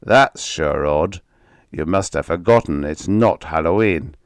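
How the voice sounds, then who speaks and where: Man doing a mean sneering stepdad, low and slow, dry audiobook sound. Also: smooth, no echo. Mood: menacing. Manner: slow and menacing. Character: cruel sneering stepfather, middle-aged man.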